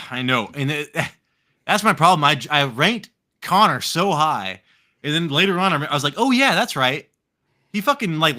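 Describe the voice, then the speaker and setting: An American man co-hosting a live fantasy football show, rambling and swearing casually while drinking. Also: fairly high pitch. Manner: profane, rambling, animated. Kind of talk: casual live podcast chat.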